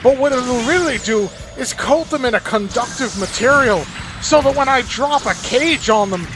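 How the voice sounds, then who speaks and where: A wild, boastful Scottish engineer, as a man puts him on for a game playthrough, a bit higher and louder than the man's own voice. He rants with manic glee while game music plays clearly underneath. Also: lively intonation, normal speed. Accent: put-on Scottish. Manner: manic, boastful, shouting pitch. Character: zany Scottish male engineer, boastful and gruff.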